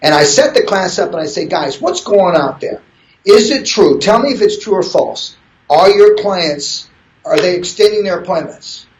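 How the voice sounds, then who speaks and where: A man's voice: sits high, animated, moderate pace. A middle-aged man being interviewed, coaching hairdressers in an earnest tone and acting out client dialogue. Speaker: interview guest, hair educator. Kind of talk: conversational interview. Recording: echoey room.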